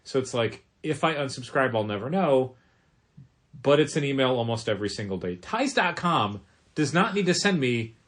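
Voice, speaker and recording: A man's voice: mid-range voice, expressive, normal speed, a bit bright. A man co-hosting a comic shop podcast in casual chat, easygoing, with his voice rising sharply when exasperated.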